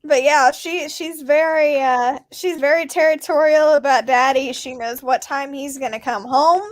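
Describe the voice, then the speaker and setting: Female host, high-pitched, chatty and easygoing in conversation. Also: fairly even intonation, normal speed, dry recording. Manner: chatty, laughs easily. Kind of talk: casual chat.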